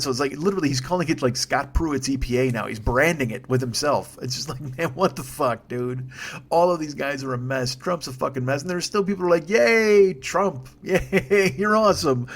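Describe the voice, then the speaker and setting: A man's voice: fairly high pitch, a bit bright, slight background noise. A man hosting a solo comedy podcast, ranting in a profane, rambling, sarcastic way into a microphone. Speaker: podcast host. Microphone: studio microphone.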